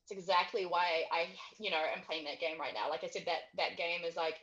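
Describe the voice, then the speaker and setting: A woman's voice: lowish voice, a little fast, fairly bright tone. A woman with an accent talks casually as an interview guest, laughing often and trailing off between thoughts. Her voice comes through a video call on headphones, with a dull, slightly muffled sound. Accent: non-native English accent. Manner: giggly, trailing off with fillers.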